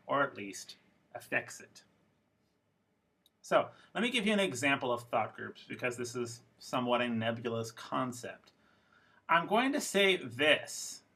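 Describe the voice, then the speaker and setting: A man teaching an English pronunciation lesson, speaking slowly and carefully and repeating model phrases for his students. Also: mid-range voice, bright, forceful tone. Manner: slow, careful, demonstrative delivery with model phrases.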